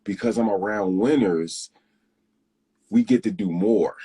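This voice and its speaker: A man's voice: lowish voice, measured pace, dark tone, breathy edge. A man who is a guest on a talk show, earnestly telling personal stories in a casual chat, often stopping and restarting.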